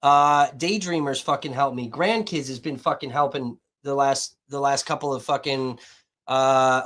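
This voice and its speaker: A man's voice: mid-range voice, unhurried, fairly bright tone. A man livestreaming, rambling casually and profanely to his chat viewers, saying he feels hot and dehydrated.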